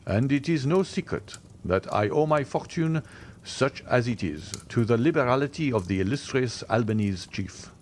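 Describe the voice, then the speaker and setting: A man's voice: mid-range voice, lively intonation, normal speed, slight background noise, natural voice. A man voicing a proud aging general and nobleman in an audiobook, stiff and formal.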